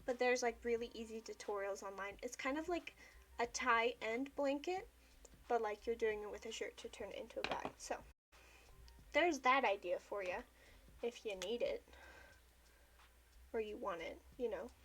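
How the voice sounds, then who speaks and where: A young woman talks to her stream while drawing in her journal. She is chatty, with plenty of "like" in her sentences. Her voice sits a little higher than most. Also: normal speed, pauses often, slight background noise. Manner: chatty, filler-heavy with frequent "like". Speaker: livestreamer. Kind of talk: casual chat while journaling.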